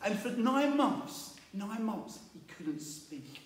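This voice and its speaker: A man preaching a sermon, telling Bible stories with lively acted-out voices. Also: high voice, slow. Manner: animated storytelling, acting out biblical voices. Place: church. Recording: echoey room, mic at a distance.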